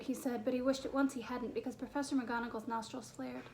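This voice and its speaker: Lady reading a kids fantasy book aloud, high voice, faint hiss behind. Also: fairly even intonation, a little fast, vocal fry, darkish tone. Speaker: audiobook narrator. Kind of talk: storybook narration.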